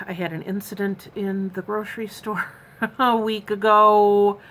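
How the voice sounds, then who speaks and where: Unhurried and a bit bright, a mid-range female voice with little pitch movement belongs to a vlogger in her fifties from the United States. She talks candidly and earnestly, rambling with many fillers and restarts.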